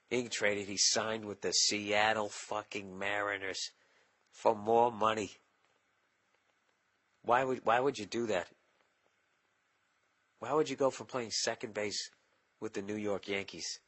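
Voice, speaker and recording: A Boston-accented podcast host in his forties goes on a solo comic rant, profane and sarcastic, his voice sitting on the low side but jumping loud whenever he mocks someone.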